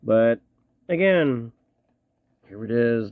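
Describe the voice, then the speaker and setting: A man's voice: on the low side, animated, unhurried, pauses often, no echo, narrow, tinny audio. A man casually reviewing action figures from his collection, chatty and slangy, with joking asides. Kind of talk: casual show-and-tell review.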